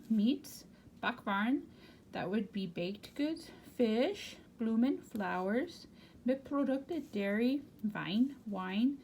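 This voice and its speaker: A woman's voice: on the high side, darkish tone. An American woman teaching German, reading German from a textbook aloud and explaining each word plainly in English. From United States. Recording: faint background noise.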